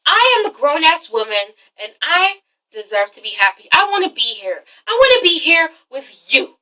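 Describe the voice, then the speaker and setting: A woman acts out an excited young woman in a very high, bright, piercing voice, loud and emphatic, exclaiming that she is happy. The voice sits a little away from the mic. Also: normal speed, recorded from a distance, exaggerated voice, low-quality recording. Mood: insistent.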